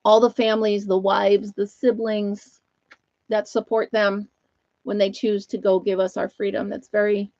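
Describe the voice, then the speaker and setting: A woman's voice: medium pitch, little pitch movement, measured pace, a little mellow, no room sound. An older retired woman chatting casually on a live stream from home, rambling and laughing often. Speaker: host of a live knitting chat stream. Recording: dull, lo-fi, dry sound.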